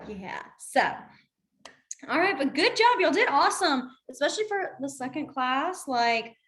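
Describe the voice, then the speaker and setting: Woman, a friendly class teacher, talky and encouraging, a bit high-voiced. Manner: chatty, encouraging, laughs often. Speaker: sign language teacher. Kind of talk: casual online class instruction.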